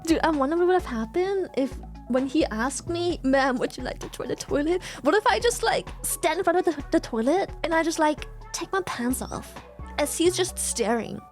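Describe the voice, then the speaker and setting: A woman's voice: very high voice, animated, normal speed, soft background music. A young woman streamer telling a story casually to her chat, swearing freely and often breaking into giggles.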